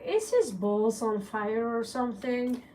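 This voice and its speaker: With a voice on the high side, animated, unhurried and mellow, a Norwegian woman does a relaxed live tarot reading. She jokes, chats and swears without softening it, and the distant mic catches faint noise in the background.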